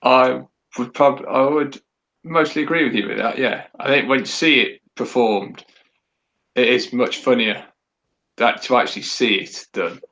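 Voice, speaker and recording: Gravelly man, dry podcast chat. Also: medium pitch, a bit bright, low-quality recording. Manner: dry, measured, hesitant with ums. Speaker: podcast co-host.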